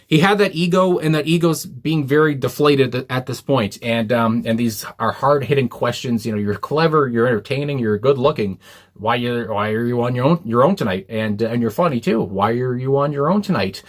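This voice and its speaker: A man's voice: medium pitch, fairly quick. A young man in a small room casually talking through a song reaction, rambling with many fillers and quoting lyrics earnestly. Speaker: music reaction YouTuber. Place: small hot room indoors.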